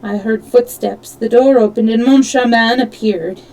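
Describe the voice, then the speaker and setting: Woman streamer reading a book out loud, lively delivery, trips over a word here and there and fixes it. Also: on the high side, moderate pace, poor audio. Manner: expressive reading with slips and self-corrections. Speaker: storyteller. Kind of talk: reading a novel aloud on a livestream.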